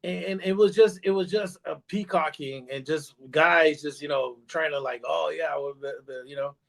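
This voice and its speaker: A man's voice: fairly high pitch, normal speed. A man guest on a parenting podcast, telling a story casually with many fillers, restarts and "you know"s. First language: bilingual in Spanish.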